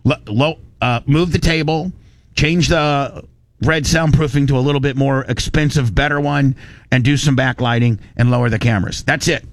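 A man's voice: mid-range voice, fairly even intonation, normal speed. A male radio host rants into a studio microphone, blunt and heated, often stopping and starting over mid-sentence. His voice sits in a middling register. The studio sound is dry and close, with no room echo. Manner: heated, blunt, rambling with restarts. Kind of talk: on-air storytelling rant. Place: broadcast studio.

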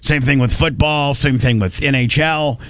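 A man's voice: mid-range voice, normal speed, fairly bright tone, dry recording. A man hosting a radio show, chatting casually and joking, often restarting and correcting himself. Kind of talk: casual talk radio chat.

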